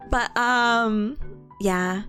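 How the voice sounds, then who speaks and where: A woman in her twenties chatting on a stream, telling a story with lots of laughter and acting out what people said. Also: fairly high pitch. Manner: animated storytelling, acts out quoted voices, laughs often. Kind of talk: casual chat stream.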